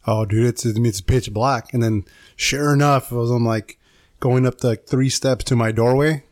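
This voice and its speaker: A man's voice: mid-range voice, steady tone, moderate pace, darkish tone, no room sound. Rambling casual man telling a story, dry sound. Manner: rambling, says "dude" a lot. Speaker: podcast co-host telling a story.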